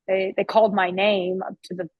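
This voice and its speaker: A woman's voice: medium pitch, flat delivery, a little fast, husky, dry recording, highs cut off. A woman who owns and cooks at a barbecue restaurant, telling stories in a casual interview, chatty, with many restarts and the odd casual swear. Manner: chatty, with frequent restarts and fillers. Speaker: barbecue restaurant owner and chef. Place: her restaurant.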